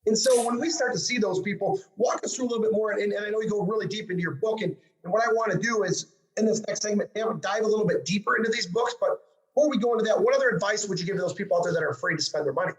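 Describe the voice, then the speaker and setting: A man hosting an interview show and working as a financial advisor, talking excitably and tossing in tag questions. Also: high voice, racing, low-quality recording.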